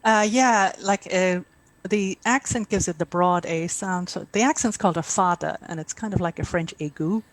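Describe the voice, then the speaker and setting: A woman's voice: lowish voice, moderate pace, no echo, low-quality recording. Irish woman telling stories. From Ireland. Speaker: author guest. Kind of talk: casual interview chat.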